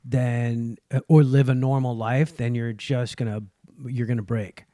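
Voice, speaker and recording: A man's voice: mid-range voice, measured pace, no room sound. Dry-sounding man telling comedy stories. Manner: animated storyteller, acts out quotes. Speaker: guest comedian. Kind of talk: casual podcast chat.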